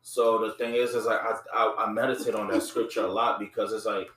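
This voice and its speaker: A man's voice: fairly low pitch, little pitch movement, brisk, a bit bright, a little hiss or hum. A man talking earnestly in a casual conversation about faith, quoting scripture and often restarting his sentences. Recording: echoey room, voice from a distance.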